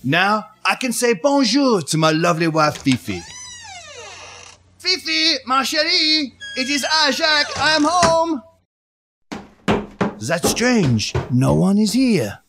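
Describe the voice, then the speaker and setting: A man's voice: very high voice, very animated, slow pace, long pauses, background noise, full character voice. A man playing an indignant French husband with a mock French accent, in a comedy sketch. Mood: smug. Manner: theatrical, exaggerated outrage.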